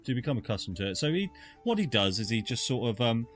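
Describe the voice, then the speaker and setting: A man's voice: medium pitch, big pitch swings, fast talker, a bit bright, soft background music. A man narrating a tabletop game as dungeon master, loose and rambling.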